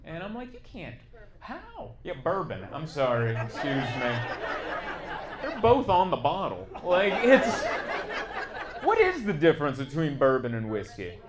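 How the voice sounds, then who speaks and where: A man doing a stand-up comedy set on stage, chatty and self-mocking, breaking into loud put-on bits. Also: fairly high pitch, huge pitch swings, a little slow, a loud crowd. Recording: live club audience noise.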